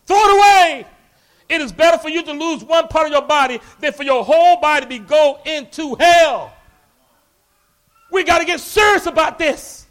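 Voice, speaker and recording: High, bright-voiced preacher man. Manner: animated, acts out quoted voices, bursts into shouts. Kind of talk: sermon.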